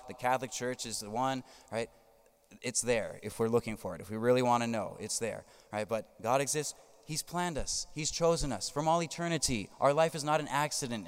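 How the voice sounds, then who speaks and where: Male priest, sermon, emphatic, smooth resonant voice, long church reverb. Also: medium pitch. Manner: emphatic, tags points with "right?". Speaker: Catholic priest.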